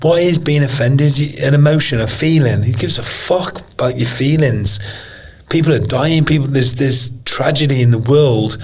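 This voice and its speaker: A man with an ordinary middle-pitched voice, chatting as a podcast guest. He speaks bluntly and earnestly, with restarts and frequent swearing. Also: a little mellow. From England. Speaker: podcast guest, pro MMA fighter. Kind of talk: casual interview chat.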